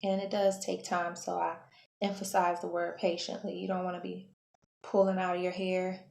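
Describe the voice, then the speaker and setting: A woman hair vlogger talking through her wash-day routine in a relaxed, chatty way, often correcting herself mid-sentence. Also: on the low side, normal speed, gravelly. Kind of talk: casual how-to vlog. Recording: echoey room, faint background hum.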